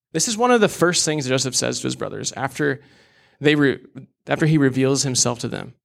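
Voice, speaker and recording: A man's voice: mid-range voice, lively intonation, normal speed, gravelly, few pauses. A young man preaching a sermon in an earnest, candid way, with casual asides.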